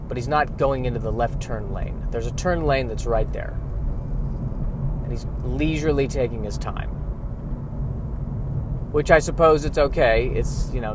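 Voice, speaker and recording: A man's voice: medium pitch, background noise. A man, an actor, chatting casually in a self-deprecating, rambling way while driving his car. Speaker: character actor.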